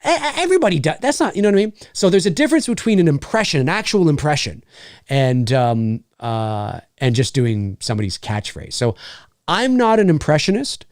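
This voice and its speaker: A man's voice: fairly high pitch, fairly quick, dry recording. A middle-aged man, a voice actor, chatting casually with viewers in a livestream Q&A. He rambles and restarts often, and speaks into a studio microphone in a home recording studio. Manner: animated, rambling with frequent restarts.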